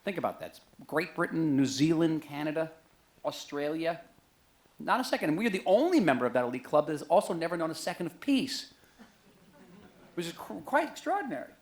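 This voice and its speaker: A man's voice: on the high side, sing-song, fairly quick. A middle-aged man giving a book talk to an audience in a museum auditorium, conversational and joking. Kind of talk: public lecture to an audience.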